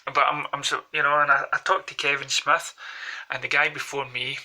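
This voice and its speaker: A man's voice: fairly high pitch, level tone, brisk, sharp tone, rough recording. A man with a Glaswegian accent from Scotland, rambling through casual anecdotes as a vlogger. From Glasgow, Scotland. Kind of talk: casual chat to camera.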